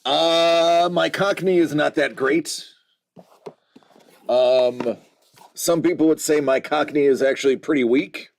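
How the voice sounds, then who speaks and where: A man hosts a live card break, rambling and joking with frequent filler pauses. His voice is somewhat high with a gravelly fry, and he speaks very slowly. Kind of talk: casual livestream chat.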